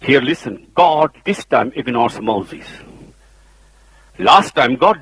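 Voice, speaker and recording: A man with a Punjabi accent preaching a sermon and reading from the Bible. He stresses his points hard, asks rhetorical questions and answers them himself, and goes loud for scripture and soft for counsel. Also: medium pitch, lively intonation, slow, pauses often, slightly rough, dry recording, poor audio.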